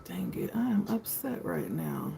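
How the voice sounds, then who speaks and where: A woman's voice: low voice, sing-song, measured pace, gravelly, dark tone, slight background noise, rough recording. A woman hosting a live tarot stream, chatting casually and greeting viewers by name.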